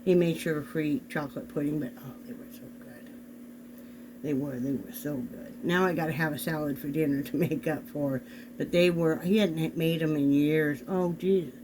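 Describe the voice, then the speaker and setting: This vlog host speaks to his viewers from his bedroom, seated on the bed and rambling casually toward a camera set on a desk. He talks at a normal speed in a voice on the high side with fairly even intonation, against a noisy background.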